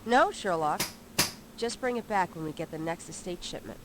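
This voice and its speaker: An actress playing a sharp-tongued young woman shop assistant in a 1990s adventure game, sassy and dry. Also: lowish voice, expressive, normal speed, noisy background, close to an everyday voice.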